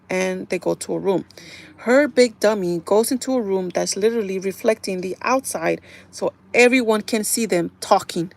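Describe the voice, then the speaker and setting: A woman hosting a livestream casually recaps a TV show for her viewers, calling them "you guys" and acting out characters' lines in quotes as she retells the story. Her mid-range voice is gravelly and a little mellow.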